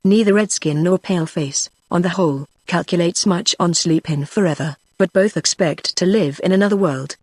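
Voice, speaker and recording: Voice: mid-range voice, normal speed, few pauses, a little mellow, no room sound, clean studio sound, close to an everyday voice. A text-to-speech voice reading the lines of a young male frontier hunter who speaks in an earnest, rustic backwoods dialect. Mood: solemn. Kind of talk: synthetic audiobook reading.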